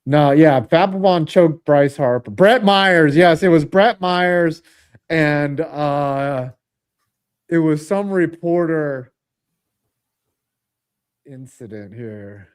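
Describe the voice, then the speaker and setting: A man's voice: fairly high pitch, slow, long pauses, clear, resonant tone. A man co-hosting a casual sports podcast, rambling and swearing as he gropes for names. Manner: rambling, profane, searching for names. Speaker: podcast co-host.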